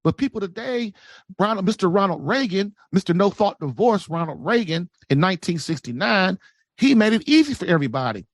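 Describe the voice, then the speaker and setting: Preachy male advice-giver, lively delivery, raised pitch, dry recording. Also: fairly quick, no echo. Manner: preachy, acts out quoted voices. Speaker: podcast guest, relationship coach. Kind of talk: animated advice talk.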